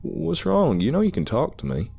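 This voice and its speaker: A man's voice: medium pitch, very animated, moderate pace, creaky, mellow, faint music behind, voice pushed up. A man voicing an awkward, anxious young man who turns pleading and urgent. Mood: coaxing. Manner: hesitant, then raised and urgent.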